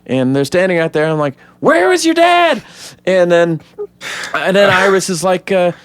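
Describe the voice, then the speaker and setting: A man co-hosting a podcast, casually retelling a movie scene by scene and jumping into high voices to act out the characters. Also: normal speed, clean tone, no echo. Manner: animated storyteller, acts out characters in high voices. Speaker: podcast co-host. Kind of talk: casual film recap chat.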